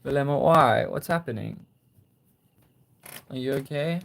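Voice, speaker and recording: A young man hosting a casual livestream, reading viewer comments and gently encouraging them. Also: medium pitch, expressive, measured pace, vocal fry, pauses often, slight background noise. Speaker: livestream host.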